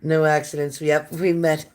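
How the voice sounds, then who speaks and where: A woman with a raspy, low smoker's voice and a sore throat, hosting a casual livestream and warmly thanking viewers by name. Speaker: livestream host reading viewer comments.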